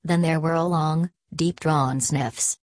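Brief: woman audiobook narrator, deep and unhurried, dry close recording. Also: steady tone, darkish tone, dry recording. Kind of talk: scripted narration of a classic novel.

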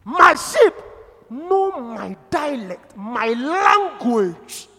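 Lively preacher in a reverberant hall. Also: very slow, breathy edge. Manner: emphatic preaching, swinging between loud exclamations and low murmurs. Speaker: pastor. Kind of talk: sermon.

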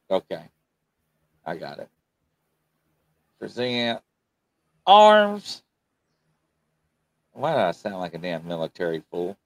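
A man hosting an online panel chat, relaxed and self-mocking, narrating what he does as he shares his screen. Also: sits low.

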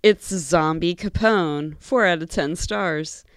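A woman's voice: lowish voice, slow, no room sound, clean studio sound. A woman co-hosting a casual podcast, reading reviews aloud with a giggle. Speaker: podcast co-host.

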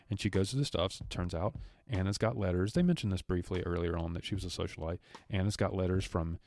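A man's voice: deep voice, steady tone, a little fast, darkish tone, a little hiss or hum. A man co-hosting a podcast, loosely retelling a film's scenes and acting out the characters' lines. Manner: loose, rambling, many restarts. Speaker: podcast co-host. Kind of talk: casual movie recap chat.

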